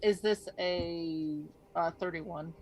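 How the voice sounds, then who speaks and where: A woman's voice: lowish voice, steady tone, takes it slowly, slight background noise, low-quality recording. A woman playing a tabletop game who asks questions in a dry way. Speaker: player. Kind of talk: casual tabletop play.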